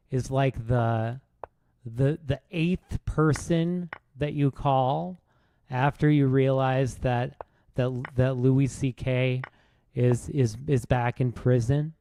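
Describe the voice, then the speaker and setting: Guy on a chess stream ranting rude jokes, slow drawl, gravelly. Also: mid-range voice, warm tone, dry recording. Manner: rude, rambling roast with many restarts. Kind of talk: casual streaming commentary while playing.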